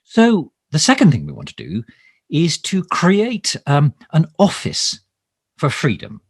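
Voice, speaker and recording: A man's voice: fairly high pitch, huge pitch swings, unhurried, vocal fry, breathy edge, dry recording, studio quality, full character voice. A man playing a bumbling pompous minister. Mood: self-important. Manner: hesitant, rambling, full of ums and stammered restarts; pompous, overly formal. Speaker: satirical minister character. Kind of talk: improvised comic monologue, mock live stream.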